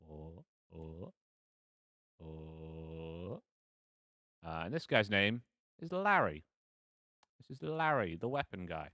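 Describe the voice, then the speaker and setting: A man's voice: low voice, animated, slow pace, pauses often, bright, forceful tone, no room sound, clean studio sound. A man as game master, narrating a tabletop game on a casual live stream in a rambling, self-mocking way with fillers and swearing.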